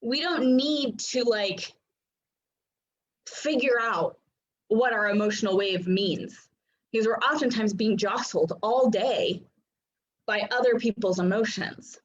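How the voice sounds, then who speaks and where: A woman in her thirties, working as a human design coach, teaches casually over a video call from her home office. Her voice is a little high and slow, with frequent pauses, and the audio sounds dull. She's chatty, laughs often, and fills her speech with fillers.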